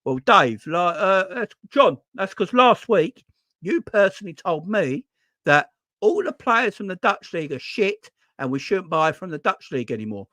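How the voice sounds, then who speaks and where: A man from England hosts a football fan chat, his high voice leaping up and down as he rants in exasperation. His tone is bright and sharp and he swears freely. The sound is dry and close to the mic. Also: normal speed, no echo. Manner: excitable, swearing, exasperated ranting. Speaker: football fan channel host. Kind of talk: ranting casual vlog talk.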